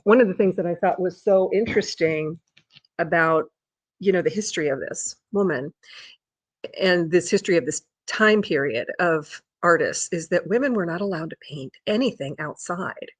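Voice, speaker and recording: Low-voiced woman chatting casually. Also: animated, moderate pace, slightly rough, dry recording. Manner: chatty, rambling, with restarts and high sing-song talk to her dog. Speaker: vlogger. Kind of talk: casual chat.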